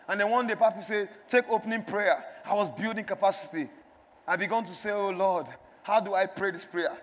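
A man's voice: sits high, a little fast. A man preaching a sermon in a church, urging the congregation to repeat after him. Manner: call-and-response exhortation, rising to shouts. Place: large church hall. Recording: long church hall reverb.

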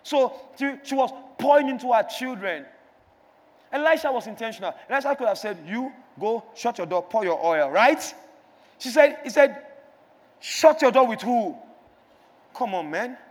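A man preaching a sermon in a church, urging the congregation to repeat after him. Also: very high voice. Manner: call-and-response exhortation, rising to shouts. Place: large church hall. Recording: long church hall reverb.

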